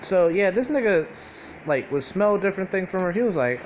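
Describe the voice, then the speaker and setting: A man's voice: high voice, lively intonation, normal speed, slight background noise. A young man casually improvising a fan-fiction story aloud, rambling and profane, full of fillers and self-corrections.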